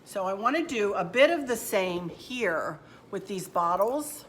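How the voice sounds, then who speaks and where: A woman's voice: medium pitch, animated, measured pace, slight background noise. A middle-aged woman, chatting casually to viewers at home while she shows her fall decorating and crafts. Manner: chatty, homey, addresses viewers as y'all. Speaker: home decor channel host. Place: at home, indoors.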